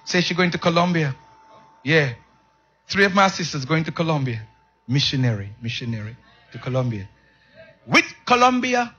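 High-pitched bright preacher man, shouting. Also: normal speed, pauses often, husky, highs cut off. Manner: call-and-response preaching, swings from loud shouts to soft asides; stutters and repeats words. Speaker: pastor. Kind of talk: sermon.

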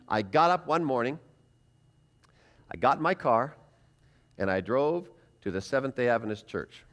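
Speaking at medium pitch and a moderate pace, with frequent pauses, a middle-aged preacher gives his testimony at a prophecy seminar. He recounts his conversion with animation, dramatizing his past thoughts.

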